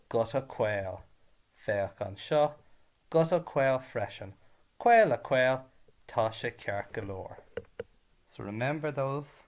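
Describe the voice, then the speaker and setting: Slow, deliberate man teaching. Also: lowish voice. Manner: switches between Irish and English, stressing each ending. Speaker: Irish language teacher. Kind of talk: slow, clear grammar lesson.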